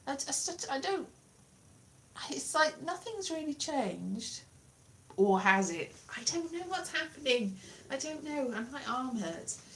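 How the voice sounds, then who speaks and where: A woman's voice: sits high, sing-song, slow, a little hiss or hum. A woman chatting to a live audience in a rambling, self-deprecating way, wandering off topic. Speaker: livestreamer. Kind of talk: casual rambling chat.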